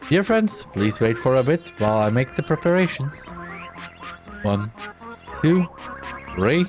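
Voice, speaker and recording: A man's voice: medium pitch, very animated, unhurried, over music. A man voicing a gleeful, sadistic male game-show presenter while reading game dialogue aloud, in a mock-cheerful, theatrical announcing manner. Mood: gloating.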